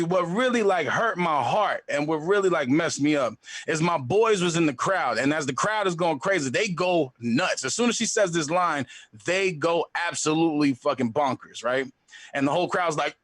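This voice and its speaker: Young guy comic telling a story, animated, kinda high voice, dry sound. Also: normal speed, no echo, soft background music. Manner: animated, acts out voices in a loud hype. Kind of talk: live storytelling.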